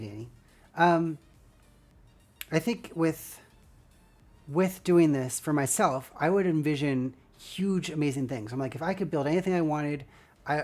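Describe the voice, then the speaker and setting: A woman with a scratchy, gravelly voice and a dry throat talks her way through a live LEGO build. She rambles, thanks her viewers, and keeps her tone casual and friendly. Her voice has a husky, rough edge. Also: very deep voice, darkish tone. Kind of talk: casual livestream chat while building.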